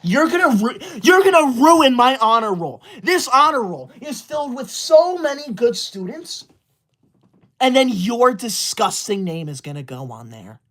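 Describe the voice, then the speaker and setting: A woman's voice: a little high, sing-song, measured pace, fairly bright tone. Mock-outraged woman livestreamer. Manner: mock-indignant, scolding viewers in a theatrical huff. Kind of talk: livestream chat with viewers.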